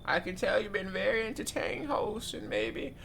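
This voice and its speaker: A man voicing a chatty, folksy old grandmother visitor in a high quavering voice. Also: gravelly, a bit bright, a little hiss or hum. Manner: high quavering granny voice, slow drawn-out words.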